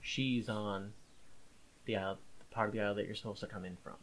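A man co-hosting a casual podcast, telling a story in an animated, exasperated way. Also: lowish voice, fast, a little hiss or hum. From Italian-American. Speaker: podcast co-host. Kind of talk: casual chat.

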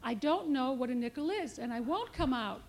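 A woman voicing a stubborn unborn baby girl in a storybook reading, with a high, wailing, loud delivery. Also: expressive, normal speed.

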